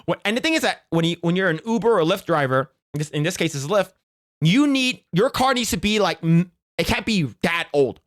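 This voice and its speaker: A man's voice: high voice, expressive, fairly quick. A young man streaming, giving casual reaction commentary in a profane, rambling way with many restarts.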